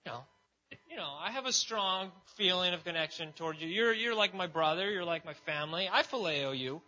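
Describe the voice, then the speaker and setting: A man's voice: sits high, animated, brisk, pushed and bright, voice pushed up, exaggerated voice. A man voicing an eager, stammering adult man who pleads his friendship, full of "you know"s. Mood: gushing. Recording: dull lo-fi sound.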